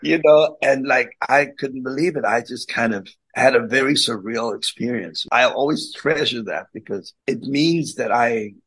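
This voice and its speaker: A middle-aged man with a South African accent, a guest telling lively stories in a casual chat, often laughing and repeating words as he restarts. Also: medium pitch, normal speed, few pauses, husky, poor audio. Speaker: guest singer.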